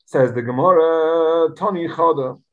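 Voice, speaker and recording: A man's voice: on the high side, a little slow, lo-fi sound. Man teaching Talmud. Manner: explains Aramaic text line by line in English, emphatic. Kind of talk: Talmud lesson.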